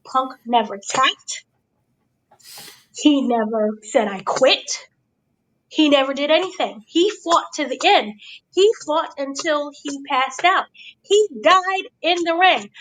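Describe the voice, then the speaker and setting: A woman hosting a casual review chat, giving an excited blow-by-blow recap and checking in with her listeners. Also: high-pitched, takes it slowly, poor audio. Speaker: podcast host.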